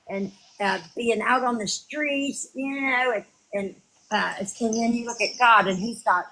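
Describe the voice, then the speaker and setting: Female caller; halting and unsure, turns emphatic and sermon-like. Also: a little high, a bit bright, rough recording. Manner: hesitant with many ums, then preachy and emphatic. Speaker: caller in a debate. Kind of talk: casual live debate.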